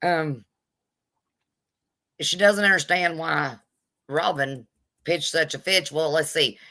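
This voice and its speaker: Blunt, sassy woman with a bright voice. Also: sits low, takes it slowly. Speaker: vlogger. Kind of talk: live commentary rant, greeting viewers.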